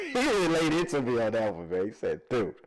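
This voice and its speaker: Male vlog host, mid pitch, very lively swings, jokey and stammering. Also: moderate pace, a crowd in the background, low-quality recording. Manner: animated, laughing, jokey, self-deprecating; stammers and repeats words. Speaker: channel host reading viewer comments. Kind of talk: casual comment-reading vlog.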